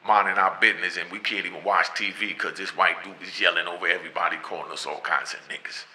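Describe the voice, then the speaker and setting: A man's voice: low voice, fairly even intonation, quick pace, bright, forceful tone, pitched below the performer's own voice. A man voicing a young male inmate who talks bluntly and heatedly. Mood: complaining. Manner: blunt street talk.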